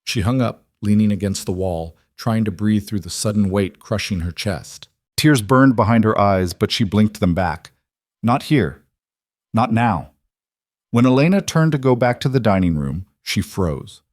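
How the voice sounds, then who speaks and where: A man reading a story aloud in a measured, even way. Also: on the low side, no echo. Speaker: narrator. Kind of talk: scripted story narration.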